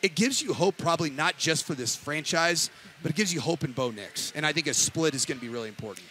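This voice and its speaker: A male former coach turned analyst with a bright, forceful voice. He talks quickly and lays out his reasoning step by step. Faint room ambience is behind him. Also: fairly high pitch, expressive, slight background noise. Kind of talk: sports talk analysis.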